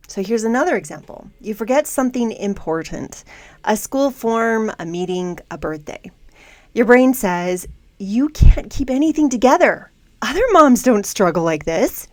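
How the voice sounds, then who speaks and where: A woman hosts a self-help podcast in a calm, measured, encouraging tone. Her pitch sits in the middle of her range. The recording is dry and close, with no room sound. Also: no room sound. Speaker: podcast host.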